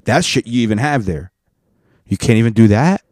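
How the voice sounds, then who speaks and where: A man's voice: medium pitch, lively intonation, normal speed, a little mellow, no echo, studio quality. A man hosting a podcast, rambling profanely through a comedic rant and slipping into joke accents. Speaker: podcast host.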